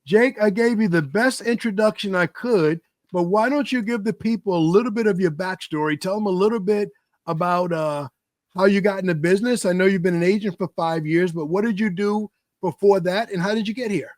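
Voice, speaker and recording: A man's voice: high-pitched, a little fast, no echo, clean studio sound. A man hosting a podcast with an enthusiastic, hype-style delivery. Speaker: podcast host.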